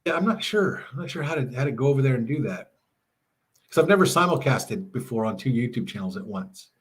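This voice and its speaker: Chatty husky-voiced man reading chat. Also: mid-range voice, lively intonation, brisk. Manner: chatty, laughs often, reads chat aloud. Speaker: livestream host. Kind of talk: casual live chat reading. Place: home RV.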